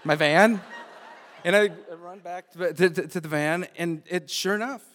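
A man telling a personal road-trip story live, animated and often repeating or restarting his words. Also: sits high, moderate pace, slight background noise. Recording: long hall reverb.

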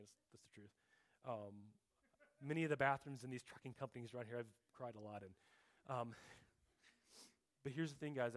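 This sermon testimony comes from a middle-aged man whose voice sits in the mid range. Earnest and sincere, he frequently lowers his voice to a gentle hush and at times repeats words as he hunts for the right phrasing.

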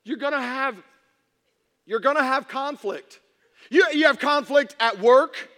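Before a congregation in an echoing church hall, a high-voiced pastor with a bright, sharp tone shares funny stories from the pulpit. His delivery is unhurried but animated, swinging widely from hushed moments to shouting.

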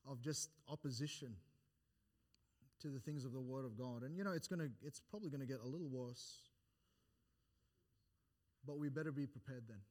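This pastor speaks fairly quickly at medium pitch with a darkish tone, pausing often during his sermon in church. Restarting phrases and repeating words between points, he quotes scripture in old-style wording and builds with rising emphasis.

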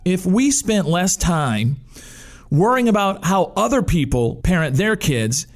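A man's voice: sits high, very animated, measured pace, soft background music. A man hosting his own show, delivering a sarcastic, profane comedic rant. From United States. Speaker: podcast host. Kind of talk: ranting comedic monologue.

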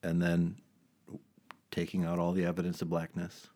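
Man, low voice, podcast co-host, thoughtful, restarts sentences. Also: monotone, moderate pace, mellow. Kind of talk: casual chat.

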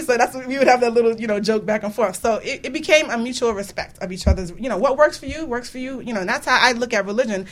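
A woman hosts a casual radio talk show, her delivery animated and chatty. She laughs often and keeps a relaxed, talkative flow into the studio mic. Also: a little high, very fast, hardly any pauses.

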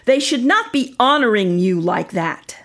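A woman's voice: on the high side, very animated, measured pace, a bit bright. A woman reading the scolding lines of stern, angry male temple teachers in a children's story.

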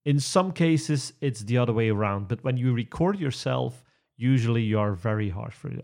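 Male trainer, conversational, halting with fillers and restarts, laughs easily. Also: mid-range voice, lively intonation, vocal fry, a little mellow. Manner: hesitant, many restarts and fillers, chuckles often. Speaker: presentation trainer. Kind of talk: conversational podcast chat.

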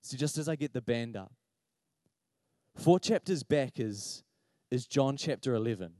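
A pastor preaches a personal, confessional sermon, addressing the congregation directly and building to impassioned pleading. His voice is medium-pitched with a darkish tone and lively intonation, delivered at a measured pace. The sound is clean and studio-like, with no room sound.

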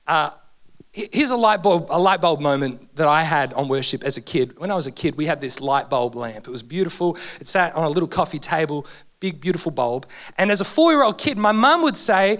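Aussie guy preaching in church, highish voice, funny and emotional, voice swinging up and down. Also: fairly quick. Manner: animated, humorous, emotional preaching with big pitch swings. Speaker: guest preacher. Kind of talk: sermon. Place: church hall.

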